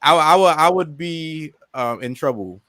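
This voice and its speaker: A man's voice: fairly high pitch, expressive, normal speed, fairly bright tone, no room sound. A man hosting a casual comedic chat show, joking loosely and reading viewer comments aloud. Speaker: podcast host.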